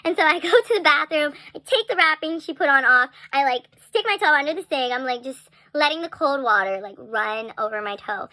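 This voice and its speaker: A young woman telling a story in a casual vlog, chatty and animated, full of "like" and little laughs. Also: sits high, fairly quick, few pauses, no echo.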